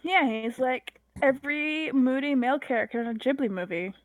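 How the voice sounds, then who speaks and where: High-voiced, teasing woman co-reader. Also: moderate pace, no room sound. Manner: teasing, playful. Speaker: co-reader on a stream. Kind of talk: casual chat and reading aloud.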